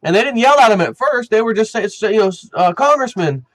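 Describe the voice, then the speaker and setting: A man with a high voice delivers a heated, animated political rant, stumbling over fillers and restarting sentences. The sound is dry and close, with no room echo. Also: fast talker. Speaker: commentary channel host. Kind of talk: opinion rant.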